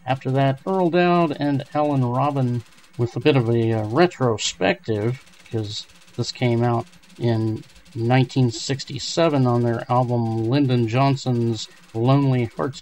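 A man's voice: medium pitch, a little mellow, slight background noise, rough recording. A man hosting a radio comedy program, running through the tracks casually with fillers. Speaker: radio host. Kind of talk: radio show commentary.

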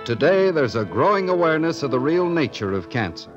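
A man's voice: fairly high pitch, very animated, fairly quick. A man giving solemn scripted narration for a 1950s documentary. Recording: dull lo-fi old film soundtrack with music.

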